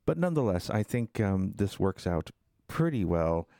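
A man casually introduces a podcast episode, thinking aloud in a relaxed way. His voice is low and gravelly with a dark, mellow tone. The sound is dry with no room echo. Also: normal speed.

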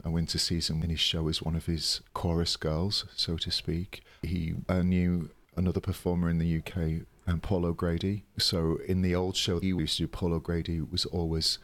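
A man in his thirties answers interview questions in a chatty, hesitant way, full of ums and restarts. His voice sits very low. The sound is dry with no room echo. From United Kingdom. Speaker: drag performer, interview guest. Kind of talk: casual interview storytelling.

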